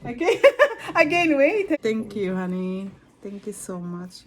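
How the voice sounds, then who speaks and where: Woman, Filipino accent, slow unhurried talk, laughs a lot, faint background noise. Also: mid-range voice, sing-song. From Philippines. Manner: giggly, laughs often, emotional. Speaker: vlogger. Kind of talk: casual home vlog.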